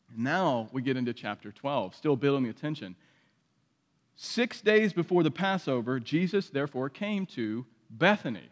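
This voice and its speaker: A man's voice: mid-range voice, big pitch swings, normal speed. A man preaching a sermon as pastor, reading scripture aloud with dramatic emphasis. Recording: long hall reverb.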